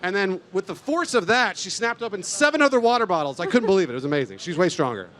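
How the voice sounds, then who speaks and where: A man co-hosting a live convention stream, teasing with an exaggerated deadpan story. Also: sits high, quick pace. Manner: deadpan tall-tale teasing. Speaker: co-host. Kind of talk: casual live event chat.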